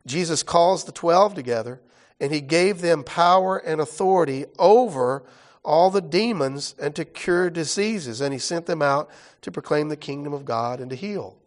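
A man's voice: fairly high pitch, expressive, moderate pace. A man teaching a Bible study class in a casual, explanatory way, often checking in with his listeners.

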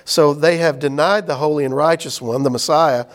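A man teaching a Bible class, chatting casually and reading scripture aloud slowly. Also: on the high side. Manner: conversational, explains with "right?" and "y'all", reads scripture aloud slowly.

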